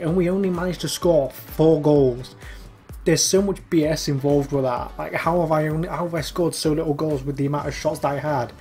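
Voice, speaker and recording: A man's voice: fairly high pitch, darkish tone. A young man commentating live over a football video game, exasperated and urging his players on. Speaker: gaming YouTuber.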